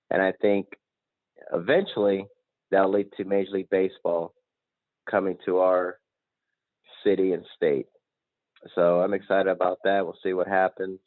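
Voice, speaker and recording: A man's voice: low-pitched, no room sound. Opinionated man on a tinny line. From North Carolina, USA. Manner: opinionated, rambling, rising emphatically when worked up. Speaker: sports podcast host. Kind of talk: solo sports talk monologue. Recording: tinny phone-like line, dry.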